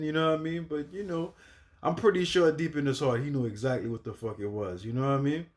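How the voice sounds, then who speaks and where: A man hosting a reaction video in casual commentary. He talks loosely in slang, swears often, keeps asking "you know what I mean", restarts his words while thinking aloud, and breaks into loud, high exclamations. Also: fast.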